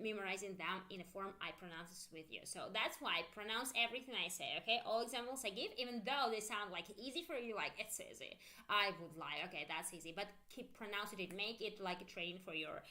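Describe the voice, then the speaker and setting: A woman with a Russian accent teaching a live-streamed English lesson, saying drill phrases slowly for learners to repeat, then explaining at length with restarts. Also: medium pitch, bright, forceful tone.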